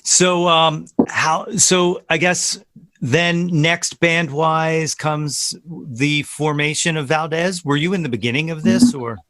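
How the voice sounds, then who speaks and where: Higher-voiced male podcast host, dry sound. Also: slow, fairly bright tone, dry recording. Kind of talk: casual chat.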